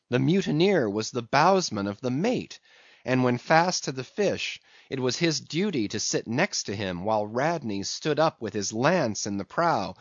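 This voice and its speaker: Male audiobook narrator, dramatic, lively pitch; dull, dry audio. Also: no room sound. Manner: dramatic, storytelling. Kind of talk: scripted classic novel narration.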